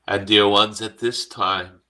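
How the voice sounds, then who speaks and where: A man channeling a gentle, wise cosmic dragon spirit in a slow guided meditation, humming "mm" between phrases. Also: fairly low pitch, steady tone, full character voice. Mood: serene.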